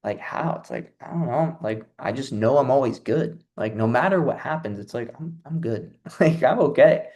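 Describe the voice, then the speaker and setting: A man's voice: mid-range voice, lively intonation, moderate pace, few pauses, darkish tone. A young man giving a casual motivational talk, chatty and conversational, often acting out quoted inner voices. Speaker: self-help speaker.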